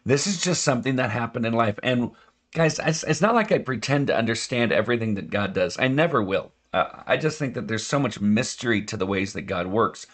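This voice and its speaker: A man pastor giving a conversational podcast sermon, earnest and casual, rising in pitch when he stresses a point. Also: expressive, fairly quick, a bit bright. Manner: earnest, conversational preaching with emphatic rises.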